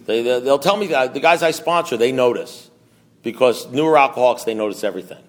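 A middle-aged man with a mid-range voice tells a story poking fun at himself at a support meeting, speaking at a quick pace. The telling rambles, with restarts and side comments to the listeners.

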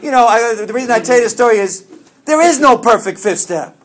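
A man sharing a personal recovery story at a meeting, swinging between loud bursts and quiet asides. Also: very high voice, expressive, brisk.

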